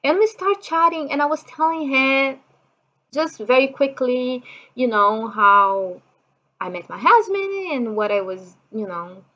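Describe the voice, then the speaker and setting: A woman's voice: high voice, animated, unhurried, pushed and bright, highs cut off. Chatty Brazilian woman telling her story. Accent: Brazilian Portuguese. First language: Portuguese. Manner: chatty, many "you know" fillers, acts out voices in quotes. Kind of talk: personal storytelling.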